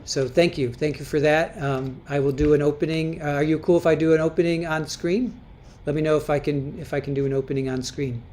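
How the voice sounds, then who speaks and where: A woman's voice: deep voice, little pitch movement, brisk, few pauses. Chatty woman hosting a livestream. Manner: chatty, repeats and restarts words, laughs softly. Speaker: livestream host. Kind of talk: casual livestream commentary reading viewer chat.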